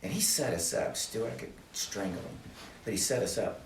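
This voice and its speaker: A man's voice: lowish voice, animated, normal speed, roomy sound, distant mic, slight background noise. An older man giving a testimony talk to a small group, earnest and preacherly, repeating his key phrases. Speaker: ministry speaker.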